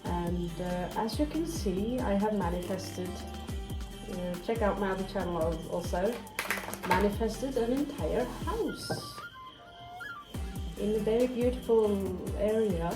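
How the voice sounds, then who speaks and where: A woman's voice: medium pitch, big pitch swings, unhurried. A woman giving a spiritual tarot and astrology reading to her viewers, rambling from thought to thought with frequent hesitations. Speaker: tarot reader. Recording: echoey room with music behind.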